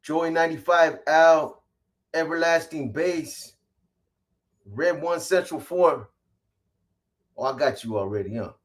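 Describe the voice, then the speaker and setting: A man hosting a casual livestream, reading off viewer names in quick shout-outs and slangy greetings. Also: a little high. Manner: rattles off viewer shout-outs, slangy, calls people boy. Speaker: livestream host.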